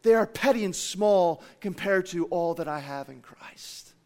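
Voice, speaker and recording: A man preaching a sermon with passion, swinging between loud declarations and hushed, soft passages. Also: high voice, expressive, unhurried. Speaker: pastor.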